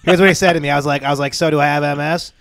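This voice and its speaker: A man's voice: fairly high pitch, fairly even intonation, very fast, fairly bright tone, dry recording. A man from the United States co-hosting a comedy podcast, telling stories in a profane, exasperated way. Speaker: podcast co-host. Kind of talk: casual comedic chat.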